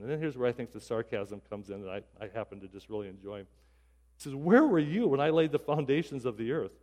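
A man preaching in an easy, conversational tone, his speech full of restarts and asides. His voice sits at an ordinary middle pitch and rings out with a long hall reverb, as in a church sanctuary. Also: darkish tone. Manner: conversational, self-deprecating, with repeated restarts. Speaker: pastor. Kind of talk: sermon.

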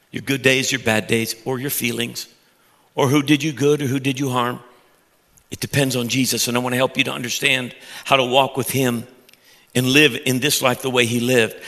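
A middle-aged man preaching a sermon with passion, swinging from loud rises to soft, low drops and repeating words when excited. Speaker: pastor.

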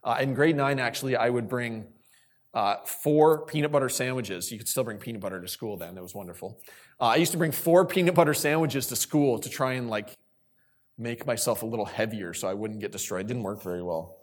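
A youth speaker with a mid-range voice talks a little fast as he gives a sermon to a youth group. He asks the listeners questions, calls on them, and repeats key phrases for emphasis.

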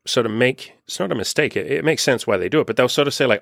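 A man's voice: medium pitch, animated, fast, gravelly, few pauses, a bit bright, no echo, clean studio sound. A man, a life coach, talking in a casual self-help monologue, frank and profane, acting out his own inner questions.

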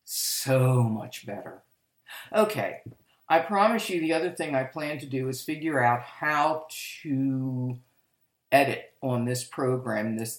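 A woman's voice: extremely low pitch, roomy sound. An older woman telling her life story in a candid, rambling way, often correcting herself, recorded at home. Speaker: podcast storyteller. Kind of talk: personal life-story monologue.

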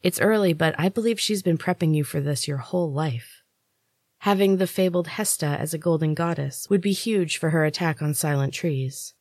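A woman voicing a secretive young female servant who talks in a hushed, hurried way. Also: lowish voice, lively intonation, dry recording, studio quality.

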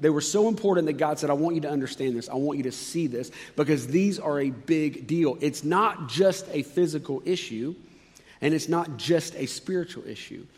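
A man preaching with a slightly higher voice, telling the story dramatically and dropping from excited, loud bursts to soft, hushed lines. His voice carries a long reverb, as in a large church hall. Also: moderate pace. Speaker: pastor. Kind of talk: sermon.

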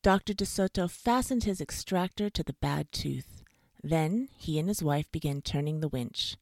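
A woman reads a bedtime story aloud, cozy and expressive. Her voice is low with a gravelly fry, and the recording is close and dry. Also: normal speed, dry recording. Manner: warm, cozy, expressive reading.

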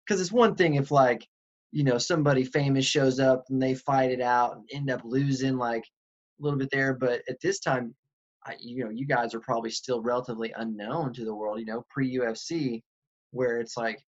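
A man's voice: mid-range voice, normal speed. A man hosting an interview, chatting in an easygoing way and chiming in with short agreements. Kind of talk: casual interview chat. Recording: slightly muffled, dull sound.

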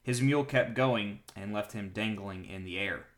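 A man hosting a Bible reading podcast, reading scripture aloud in an earnest way and pausing for reflective asides with gentle fillers. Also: on the low side.

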